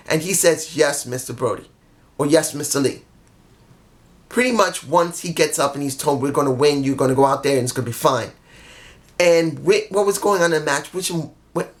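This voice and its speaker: A tired vlogger recapping a wrestling show to camera, blunt and emphatic, swearing freely. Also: mid-range voice.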